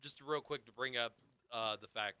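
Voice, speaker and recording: A man's voice: medium pitch, normal speed, sharp tone, smooth, dry recording. A man co-hosting a casual movie review podcast, blunt and emphatic, with frequent swearing. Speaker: podcast co-host.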